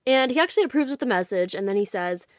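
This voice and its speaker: A woman's voice: mid-range voice, lively intonation, fast, no room sound, studio quality. Frank, sarcastic young woman telling a story. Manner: frank, sarcastic, swears freely, swings from exasperated to hurt. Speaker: podcast host. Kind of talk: casual storytelling monologue.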